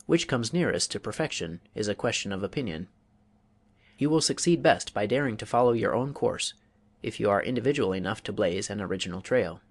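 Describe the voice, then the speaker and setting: A man reading a public speaking manual aloud as an audiobook, in a measured, deliberate way with pauses. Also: fairly low pitch, lively intonation. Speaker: audiobook reader.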